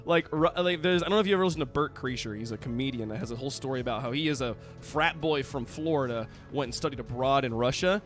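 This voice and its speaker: An American man co-hosting a podcast, chatting casually and telling animated stories with acted-out quotes. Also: medium pitch, fast, hardly any pauses, faint music behind. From United States. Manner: animated storyteller who acts out quoted voices. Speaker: podcast co-host. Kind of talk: casual chat.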